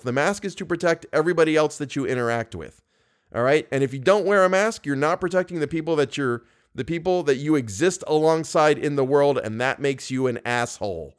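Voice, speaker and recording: A man hosting a horror fiction podcast, chatting bluntly at the sign-off and mocking himself between retakes of a reading. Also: a little high. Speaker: podcast host and audiobook narrator. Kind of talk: casual sign-off and outtakes of reading.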